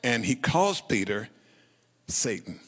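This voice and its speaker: A male pastor preaching a sermon, telling the story in a lively way and calling on the congregation to repeat phrases. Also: mid-range voice, a little slow, husky, big-room sound.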